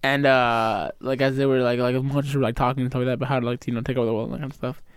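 A man's voice: mid-range voice, little pitch movement, clean tone, dry recording, clean studio sound. A young man chatting casually with friends, swearing and saying "like" a lot. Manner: rapid, swears, lots of "like" and "yeah". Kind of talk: casual chat.

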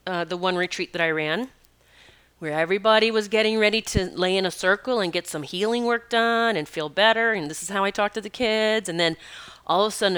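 A woman with a bright, ringing voice tells a personal story in a loose, chatty way. She drifts into asides and fills her speech with "you know." Her tone stays clean and crisp. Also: mid-range voice. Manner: rambling and conversational, with many asides and "you know". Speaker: animal communicator and healer.

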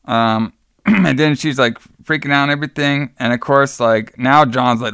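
A man recapping a film in a loose, rambling way, peppered with "like" and the occasional curse. His voice is smooth and resonant. It is recorded close in a dry room. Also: mid-range voice, normal speed, fairly bright tone, no echo. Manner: rambling, profane, lots of "like". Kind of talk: casual movie recap.

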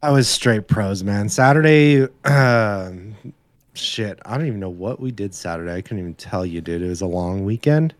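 A man's voice: fairly low pitch, expressive, moderate pace, dry recording. A young man, co-host of a podcast, chatting bluntly and casually about sports and his weekend, swearing freely.

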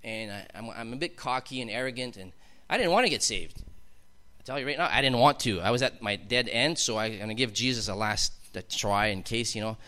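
Speaking briskly in a sharp, mid-range voice, this man recounts his own testimony before a congregation. The telling is emphatic and story-driven, rising into fervent bursts.

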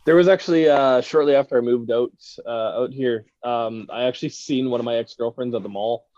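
A man's voice: mid-range voice, brisk, a little mellow, no echo. A man from Victoria, British Columbia, a podcast guest in casual chat, who laughs often and acts out his stories. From Victoria, British Columbia, Canada. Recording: dull lo-fi recording.

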